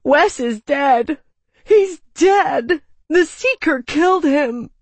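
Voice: sits high, lively intonation, slow pace, no room sound, pitched above the performer's own voice, full character voice. A reader doing a sobbing frantic young boy. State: crying.

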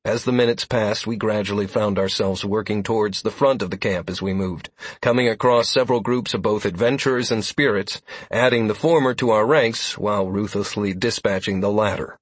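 A man narrating a fantasy adventure in first person, in a steady storytelling manner. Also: on the low side, moderate pace, husky, dry recording. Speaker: audiobook narrator.

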